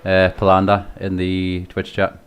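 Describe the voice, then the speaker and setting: A man's voice: deep voice, completely flat delivery, a little slow, clean tone. A man hosting a live stream and commentating a sim race, chatty, laughing often and swearing casually.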